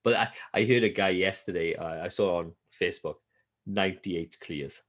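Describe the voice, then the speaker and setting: A man's voice: deep voice, normal speed. A man co-hosting a casual gaming podcast, telling stories with lots of swearing and acting out what people said. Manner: profane storytelling, swears often; acts out quotes in raised voices. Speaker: podcast co-host. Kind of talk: casual chat.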